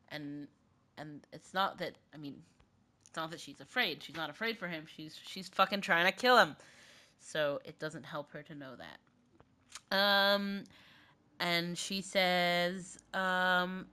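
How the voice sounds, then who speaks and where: A woman's voice: on the low side, steady tone, slow pace, pushed and bright, clear, resonant tone. A woman hosting a podcast, with a cough, casually retelling a myth in a rambling, filler-heavy way. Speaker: podcast host.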